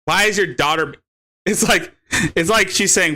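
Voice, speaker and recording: A man hosting a live stream, mocking a clip with crude, profane commentary, laughing and shouting insults. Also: on the high side, moderate pace, no room sound, clean studio sound. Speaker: stream host.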